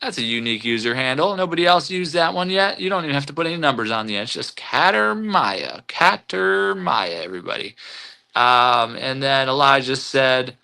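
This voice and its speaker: A man's voice: mid-range voice, lively intonation, moderate pace, gravelly, bright, forceful tone. A man hosting a casual live stream, reading out chat messages in an upbeat, chatty way that often stumbles and repeats words.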